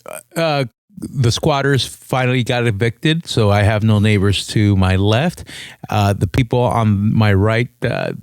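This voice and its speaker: A man with a low voice trades crude, sarcastic jokes on a podcast. He swears freely in loose banter. The recording is dry and close-miked. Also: unhurried, no echo. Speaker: podcast co-host.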